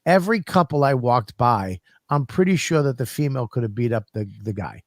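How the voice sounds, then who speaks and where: A man co-hosting a podcast, telling profane, animated stories in casual comedic chat. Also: medium pitch, a little fast, no echo, studio quality. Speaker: podcast co-host.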